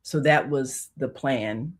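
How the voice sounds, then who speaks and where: Low-voiced woman radio host telling a story. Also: slow pace, slightly rough. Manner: emotional, swings from hushed to loud; conversational, many "you know" fillers. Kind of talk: personal storytelling on spiritual topics.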